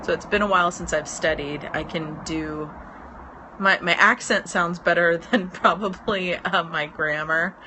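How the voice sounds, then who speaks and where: A woman's voice: fairly low pitch, a little slow, pushed and bright, poor audio. A woman in her thirties, a business mentor, chatting casually on a live stream from her porch, rambling with lots of ums and easy laughs. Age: 30s. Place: outdoor porch. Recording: outdoor porch with road noise. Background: road noise.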